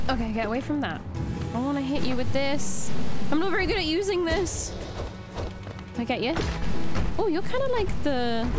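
A woman giving reactive let's-play commentary, exclaiming and swearing as the game pressures her. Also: sits high. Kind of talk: live gameplay commentary.

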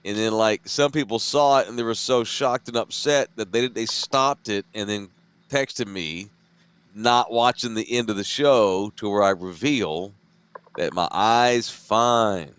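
A man's voice: fairly low pitch, a little slow, a bit bright, smooth, no echo. A man with a Texan accent, co-hosting a late-night chat show, tired, rambling and laid-back with loose profanity. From Central Texas. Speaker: podcast co-host.

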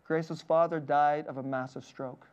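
A man's voice: on the high side, fairly even intonation, measured pace, a little mellow, smooth. A man in his thirties preaches to his congregation, moving between personal stories and scripture. He laughs lightly between lines and speaks plainly. The recording sounds a little dull and lo-fi. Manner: personal storytelling with frequent laughs. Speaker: pastor. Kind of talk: sermon.

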